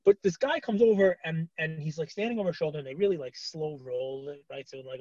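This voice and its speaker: A man co-hosting a podcast, chatting casually with lots of fillers and animated retelling. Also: a little high, quick pace, no room sound, muffled recording. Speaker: podcast co-host. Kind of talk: casual chat.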